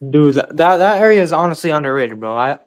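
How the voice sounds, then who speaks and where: A man's voice: fairly high pitch, animated, fast. A young adult man chatting casually, slangy and calling everyone "bro". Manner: slangy, says "bro" a lot. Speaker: group chat participant. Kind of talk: casual chat.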